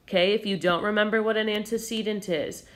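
A woman teacher explaining a recorded grammar lesson patiently and clearly, with occasional fillers. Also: medium pitch, steady tone, brisk, fairly bright tone.

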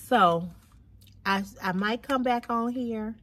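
A woman's voice: on the high side, slow pace, fairly bright tone. A woman vlogger talking casually to her viewers, sounding weary, sighing often and repeating her points for emphasis. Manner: weary, venting, with frequent heavy sighs. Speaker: fashion vlogger. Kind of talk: casual chat to camera.

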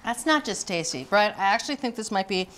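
A woman's voice: medium pitch, animated, fast talker, fairly bright tone, slight background noise. A woman hosting a cooking show, chatting with enthusiasm in a test kitchen studio. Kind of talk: casual kitchen chat and recipe recap.

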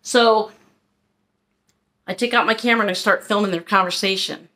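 A woman's voice: mid-range voice, fairly even intonation, normal speed, bright, forceful tone. A woman tells a long story in a casual vlog. She vents and rambles, with asides, and acts out what people said. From Philadelphia, USA. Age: 50s. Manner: chatty, venting, acts out quotes. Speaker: haul vlogger.

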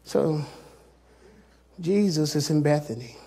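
Husky-voiced preacher who builds to shouts. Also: male voice, on the high side. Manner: swings from soft, drawn-out phrases to shouted climaxes; colloquial, addresses the congregation directly. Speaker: pastor. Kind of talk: sermon.

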